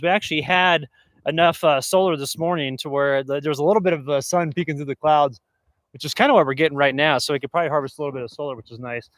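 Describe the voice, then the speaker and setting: A man's voice: a little high, no echo. A man livestreaming from a snowy off-grid camp, talking casually and rambling with many fillers and restarts as he walks around. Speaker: vlogger livestreaming off-grid camping. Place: outdoors in snow and inside a large tent.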